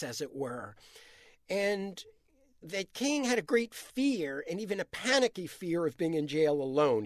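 A man's voice: on the high side, no room sound, studio quality. A man, an author answering interview questions, telling history earnestly with frequent restarts.

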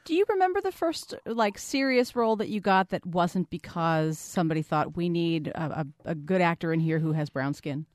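Curious woman interviewer with a lively, low voice. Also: moderate pace, hardly any pauses, no echo, studio quality. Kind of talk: interview questions.

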